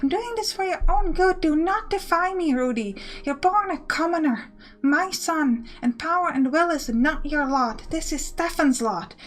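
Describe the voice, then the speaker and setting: A woman's voice: high voice, normal speed, soft background music, voice pushed up, close to an everyday voice. A woman voicing a stern but caring commoner mother who lectures her son. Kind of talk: game text read aloud in character.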